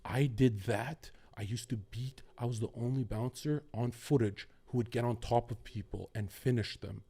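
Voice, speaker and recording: A man's voice: medium pitch, normal speed, mellow, husky. A man talking as a podcast guest, rambling and swearing as he jumps from one topic to the next. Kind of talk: casual podcast chat.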